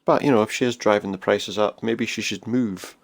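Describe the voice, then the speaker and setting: A man's voice: fairly low pitch, fairly even intonation, a little fast, gravelly. A man casually commenting on a role-playing game he is playing, chatty and thinking aloud as he goes. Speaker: gaming streamer. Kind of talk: casual let's-play commentary.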